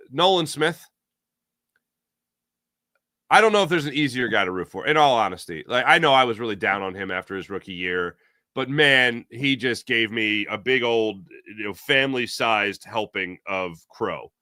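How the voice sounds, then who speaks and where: A man hosting a casual sports talk show, rambling and animated, acting out imagined quotes. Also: mid-range voice, no echo, studio quality.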